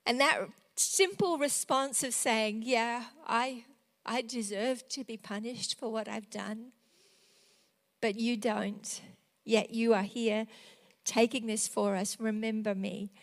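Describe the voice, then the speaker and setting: A woman preaching a devotional sermon, earnest and emotional, moving from loud emphasis to a hushed near-whisper. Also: on the high side, steady tone, slow.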